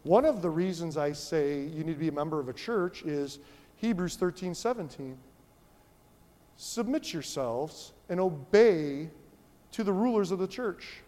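Male pastor, high voice, animated sermon delivery, long church reverb. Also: a little slow. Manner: animated, repeats for emphasis.

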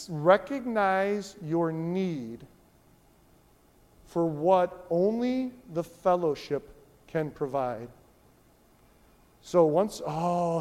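Male pastor, high voice, animated sermon delivery, long church reverb. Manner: animated, repeats for emphasis.

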